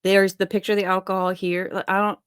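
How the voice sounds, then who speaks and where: A woman's voice: mid-range voice, level tone, fast, clear, resonant tone, dry recording, clean studio sound. Blunt teasing woman hosting a stream. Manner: blunt, teasing, thinks aloud. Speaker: stream host. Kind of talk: casual chat.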